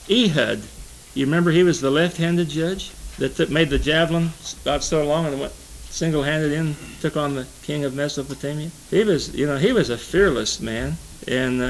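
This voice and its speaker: A man's voice: a little high, creaky, a little hiss or hum, low-quality recording. A man, likely older, giving a rambling, conversational Bible study with self-corrections and chuckles. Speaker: Bible teacher. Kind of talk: folksy Bible study teaching.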